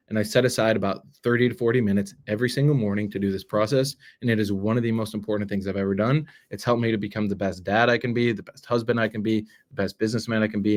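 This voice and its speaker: Earnest man giving a motivational talk. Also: lowish voice. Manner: earnest, persuasive, keeps asking "right?". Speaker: self-development coach. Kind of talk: direct-to-camera motivational talk.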